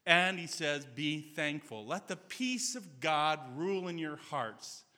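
A man preaching a sermon, his voice very bright and sitting a little high for a man. He speaks earnestly and tells stories with quoted dialogue, and long church-hall reverb trails after each phrase. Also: lively intonation, takes it slowly. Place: church sanctuary.

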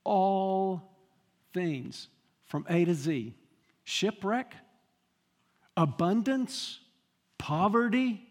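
A man's voice: high-pitched, lively intonation, extremely slow, long pauses, darkish tone, long reverb tail. A man preaching a sermon as pastor, emphatic and full of rhetorical questions and repetition.

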